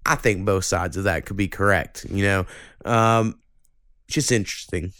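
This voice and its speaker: A man hosting a casual podcast, ranting and swearing freely, getting animated when annoyed. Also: lowish voice, moderate pace, smooth, no room sound, studio quality. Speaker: podcast host.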